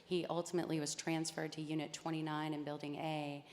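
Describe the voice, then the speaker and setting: A woman lawyer speaking on a panel in a measured, explanatory way. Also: deep voice, little pitch movement, darkish tone, a little hiss or hum. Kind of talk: panel discussion. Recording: reverberant conference hall.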